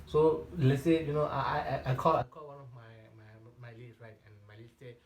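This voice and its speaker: A man coaches real estate agents in a question-and-answer session, speaking in a mid-range voice with a steady tone at a moderate pace. He's repetitive and emphatic, restarting sentences often and ending many lines with a questioning "right?". The room has a noticeable echo.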